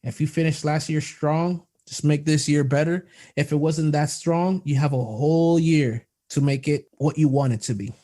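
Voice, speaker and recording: Young male podcast guest, mellow and slightly high voice, enthusiastic and quick to laugh. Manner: enthusiastic storyteller, laughs a lot, animated quoting of others. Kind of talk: casual interview chat.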